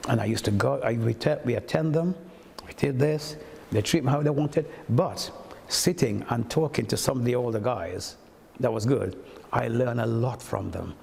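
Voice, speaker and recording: Older man, animated storyteller, gravelly voice, long room reverb. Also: mid-range voice, slight background noise. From Montserrat. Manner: animated storyteller who acts out quoted speech. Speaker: toastmaster. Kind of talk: anecdotal storytelling.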